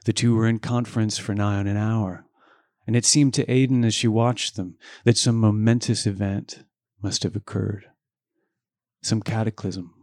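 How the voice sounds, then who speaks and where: A man's voice: fairly low pitch, no echo, clean studio sound. A man reading a novel aloud in a casual way, shifting his voice for the dialogue. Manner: reads dialogue with lively voice changes and joking asides.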